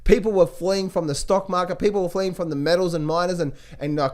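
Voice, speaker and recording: A man talking casually about markets to viewers, animated, repeating words and mimicking other people's voices. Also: a little high, fairly quick, few pauses. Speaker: trading educator. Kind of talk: casual market commentary to camera.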